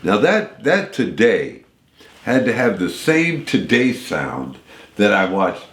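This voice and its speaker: A man telling stories as a guest in a radio interview, rambling and animated, often restarting his sentences. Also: mid-range voice, unhurried, roomy sound.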